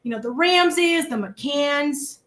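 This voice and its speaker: A woman with a Massachusetts accent chatting about a true-crime case, animated and worked up, swearing at times. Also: high voice, slow pace. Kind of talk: casual true-crime chat.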